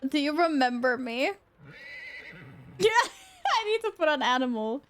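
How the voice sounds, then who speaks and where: A woman's voice: high voice, sing-song, measured pace, fairly bright tone, slight background noise. A young woman streamer giving casual gameplay commentary, chatty and easily amused, talking back to the game.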